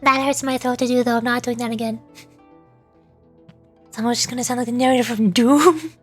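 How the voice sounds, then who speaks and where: A woman's voice: on the high side, fairly even intonation, a little fast, breathy edge, faint music behind. A young adult woman streamer chatting casually in a giggly, self-deprecating way. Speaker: streamer doing voice acting. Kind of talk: casual chat.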